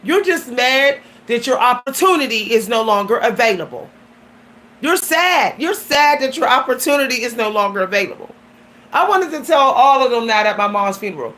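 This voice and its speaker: Woman vlogging straight to camera, high voice, blunt and fired up, kinda preachy. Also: animated, normal speed, a bit bright. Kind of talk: emphatic personal monologue.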